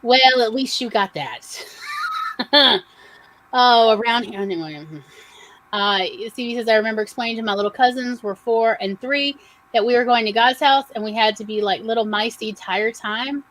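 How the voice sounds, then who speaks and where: A chatty woman with a Southern American accent co-hosts a casual livestream, reading viewers' comments aloud and adding her own asides. Her voice sits a little high for a woman. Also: fairly quick, a bit bright, low-quality recording. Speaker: podcast co-host.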